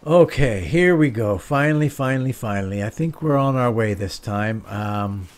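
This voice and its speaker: In this let's-play clip, a male streamer with a medium, expressive voice talks through his gameplay at a normal pace. He's chatty and pokes fun at himself, muttering along as he plays.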